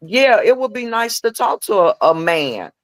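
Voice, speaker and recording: A middle-aged woman telling candid personal stories as a podcast guest. She acts out the dialogue in her stories with lively voices. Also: medium pitch, moderate pace, dry recording. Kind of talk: candid storytelling chat.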